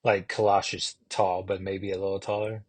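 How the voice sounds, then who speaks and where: A man's voice: low-pitched, level tone, moderate pace, breathy edge, no room sound. A casual man reviewing comics, dry sound. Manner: rambling, with many fillers and self-corrections.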